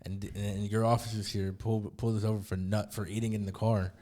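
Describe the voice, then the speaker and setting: A man's voice: on the low side, little pitch movement, a little fast, mellow. A young man co-hosting a casual podcast, telling a story about a police stop, swearing freely and acting out both sides. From LaPorte area, US. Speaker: podcast host.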